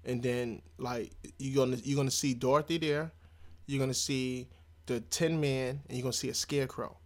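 A man's voice: mid-range voice, fairly even intonation, normal speed, a little mellow. A man who is a guest comedian on a podcast, chatting casually and throwing in playful jokes. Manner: joking, playful asides.

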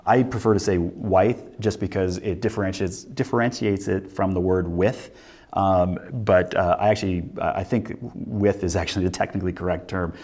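A man with a very low, deep voice walks through a lesson. He talks in a relaxed way, thinks aloud, and often stops to restart his sentences with fillers. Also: fairly quick, hardly any pauses. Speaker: instructor. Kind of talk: recorded lecture walkthrough.

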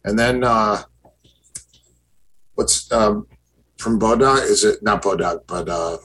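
Rambling low-voiced man telling stories. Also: slow pace, a bit bright, a little hiss or hum, rough recording. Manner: rambling, many fillers and restarts, acts out quoted exchanges. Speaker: podcast guest, former fighter. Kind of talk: casual storytelling chat.

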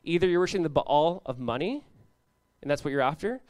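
Young male pastor, high voice, dry close sound, loose conversational sermon delivery. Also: a little fast, no room sound. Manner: casual, animated preaching with frequent "like" and laughs.

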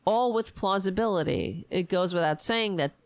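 A woman hosting a ranting political commentary show, sarcastic and exasperated, and her voice is going hoarse. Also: mid-range voice, moderate pace, no echo. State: losing her voice.

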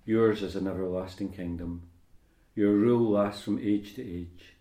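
Priest, male, low mellow voice, measured liturgical reading and homily, roomy church. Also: fairly even intonation. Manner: measured, unhurried delivery with fillers in homily.

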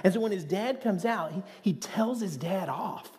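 Earnest pastor preaching in a reverberant hall. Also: male voice, high-pitched, expressive, moderate pace, darkish tone. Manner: conversational, earnest, with rhetorical asides. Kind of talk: sermon.

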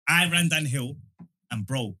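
Young man, lively husky storyteller, dry close sound. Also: fairly high pitch, moderate pace, dry recording. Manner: animated, acts out voices in his stories. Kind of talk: casual storytelling chat.

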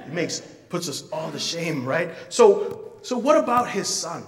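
Pastor guy preaching, lively storyteller, echoey hall, mic a bit far off. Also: a little high, unhurried. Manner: animated storytelling with playful asides. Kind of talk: sermon.

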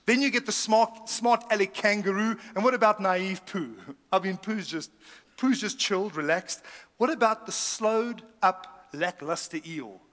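A man's voice: high-pitched, measured pace, big-room sound. A middle-aged man preaching a humorous sermon, telling stories with laughs and asides. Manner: lively storytelling with laughs and asides. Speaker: pastor.

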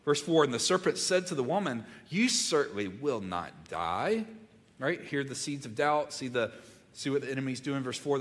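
A man preaching a conversational sermon, swinging from loud, animated moments to hushed near-whispers. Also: medium pitch. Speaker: pastor. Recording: long hall reverb.

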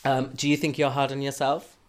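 A man's voice: medium pitch, completely flat delivery, a little fast. Joking man recapping a reality show. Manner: joking, sarcastic, rambling. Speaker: podcast co-host. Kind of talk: casual recap chat.

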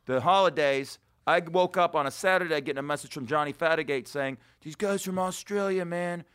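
A man's voice: a little high, a little fast, a bit bright, clear, resonant tone. Brash, profane man hosting a podcast. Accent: New York. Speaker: podcast host. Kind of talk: casual comedy podcast banter.

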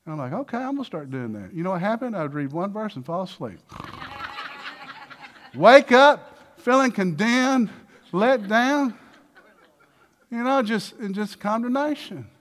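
A man preaching a sermon with lots of energy, acting out little dialogues and swinging between loud bursts and hushed passages. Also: high voice, lively intonation, measured pace, long pauses, a little hiss or hum. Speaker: pastor.

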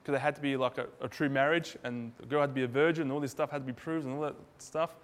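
A man's voice: medium pitch, fairly even intonation, quick pace. A man preaching a sermon in a loose, conversational way, acting out little dialogues in different voices. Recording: hall reverb.

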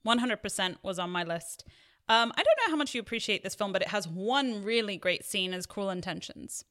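A podcast co-host in casual chat, chiming in with quick agreement and retelling scenes animatedly. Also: mid-range voice, expressive, bright, forceful tone.

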